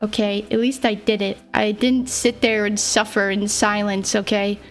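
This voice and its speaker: Talking slowly in a medium-pitched, steady voice, a young woman VTuber streamer shares a story with her live chat, with faint music behind her. She's casual and rambling, giggles often, laughs between phrases, and keeps teasing herself playfully.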